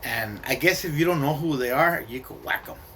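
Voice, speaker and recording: Guy telling a street story, lots of cussing and slang, forceful bright voice. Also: a little high, a little fast, slight background noise. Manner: streetwise, profane, slang-heavy, mixes in Spanish. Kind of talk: casual personal storytelling.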